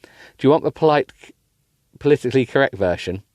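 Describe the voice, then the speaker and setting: A man reading as a dry, deadpan older rich guy. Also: medium pitch, fairly quick, no echo, lightly acted. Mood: teasing.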